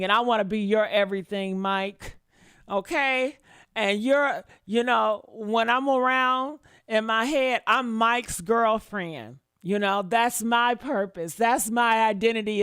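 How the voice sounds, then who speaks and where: A woman's voice: mid-range voice, fairly bright tone, smooth, no room sound, clean studio sound. A woman putting on the voice of a clingy, possessive young girlfriend who gushes that her partner is her whole purpose. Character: clingy young girlfriend, devoted, toxic ride-or-die.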